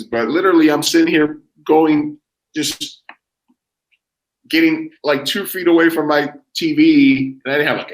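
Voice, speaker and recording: A man's voice: medium pitch, fairly bright tone, low-quality recording. A man, telling a rambling, profane story as a podcast guest. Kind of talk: casual chat.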